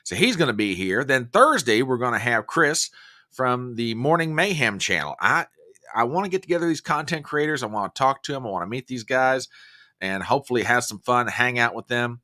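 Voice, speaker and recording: A man's voice: mid-range voice, lively intonation, a little fast, sharp tone. A man hosting a casual live stream, chatting and joking and greeting viewers by name. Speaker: livestream host.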